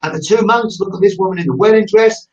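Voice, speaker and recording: A man's voice: high voice, fast. Effusive British man, distant lo-fi call. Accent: British English. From United Kingdom. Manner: effusive, warm-hearted, storytelling with gusto. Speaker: interview host. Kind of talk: enthusiastic live-stream sign-off.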